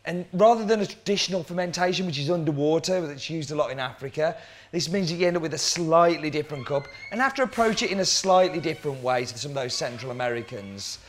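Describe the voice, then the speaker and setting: A man's voice: on the high side, lively intonation, quick pace. A man working as a coffee roaster, explaining cupping scores and roasting, talking through questions aloud as he goes.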